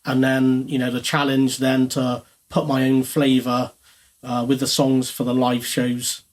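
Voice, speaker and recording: Hesitant musician answering a question. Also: male voice, medium pitch, monotone, unhurried. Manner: thoughtful, hesitant, many ums. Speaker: touring band musician. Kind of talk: interview answer.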